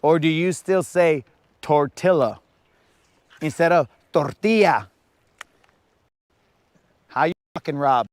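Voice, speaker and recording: A man's voice: fairly high pitch, moderate pace, few pauses, clean tone. A man hosting a fishing livestream, chatting casually and teasing viewers in a playful, slangy way while he fishes outdoors on a lake. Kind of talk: casual live-stream chat.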